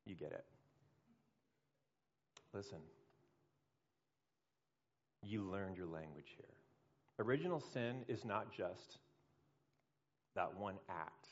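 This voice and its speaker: A man preaching a sermon as pastor, animated and acting out the voices he quotes, from swelling to hushed. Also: sits low, slow pace, pauses often, lo-fi sound.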